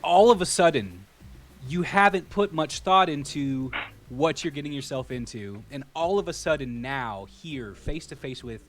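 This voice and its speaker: A man narrating a tabletop game as game master, describing scenes in detail and often pausing with fillers. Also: fairly high pitch, expressive, slight background noise. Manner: descriptive with frequent fillers and restarts.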